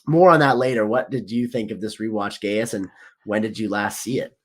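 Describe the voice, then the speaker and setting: A man's voice: lowish voice, fairly even intonation, a little fast. A man hosting a casual movie podcast, upbeat and friendly, with some fillers. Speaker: podcast host.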